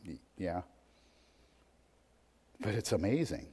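A man delivering a sermon in a large church hall, his voice trailing off into long reverb. He shifts between soft, reflective asides and loud, emphatic stretches. He keeps asking the congregation rhetorical questions. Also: lowish voice, big pitch swings, a little slow, long pauses, slightly rough. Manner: swings from quiet musing to loud, emphatic preaching. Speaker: pastor.

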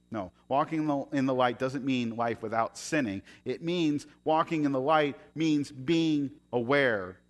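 A man preaching a sermon, moving between loud emphatic passages and quiet confiding asides. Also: medium pitch. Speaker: pastor.

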